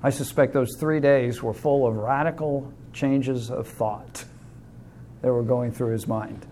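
A man's voice: medium pitch, fairly even intonation, unhurried, warm tone, a little hiss or hum. A man teaching a Bible study class in a conversational way, explaining with simple illustrations and calling on class members.

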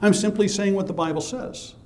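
A man's voice: sits high, a little fast, mellow. A man preaching a sermon as pastor, emphatic and conversational, asking rhetorical questions and answering them himself.

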